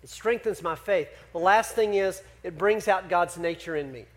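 In this sermon, a pastor whose voice is notably high speaks at a moderate pace. Animated, he repeatedly throws questions at his congregation to pull them in, moving between punchy emphasis and quieter explanation.

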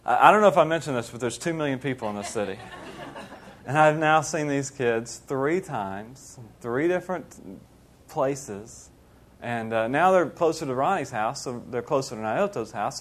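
A middle-aged man preaching, telling a mission story in an animated way and acting out the people he quotes. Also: on the high side. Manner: animated, acts out quoted voices. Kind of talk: sermon storytelling.

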